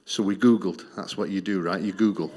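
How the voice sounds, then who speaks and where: A middle-aged Australian man giving a missions testimony in church, telling his story earnestly and dropping low and soft on key lines. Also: fairly even intonation, fairly quick. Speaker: missions speaker.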